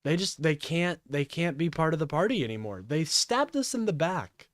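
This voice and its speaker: A man's voice: a little high, expressive, normal speed, hardly any pauses, a bit bright, dry recording, clean studio sound. A man hosting a livestream, ranting in an agitated, profane way and apologizing often.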